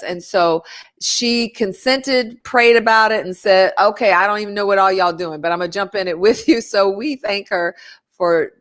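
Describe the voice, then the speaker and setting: A woman's voice: medium pitch, fairly bright tone. Lady hosting a church-y online talk, loose and chatty, stumbles over names, says y'all a lot. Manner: informal, stumbling restarts, addresses audience as y'all. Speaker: host. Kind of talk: online faith talk show.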